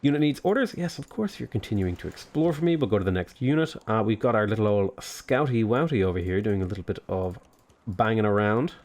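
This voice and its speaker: A man's voice: lowish voice, lively intonation, fairly quick, a little mellow. Playful joking gamer guy. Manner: playful, jokey, rambling with many fillers. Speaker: gaming video host. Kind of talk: casual let's play commentary.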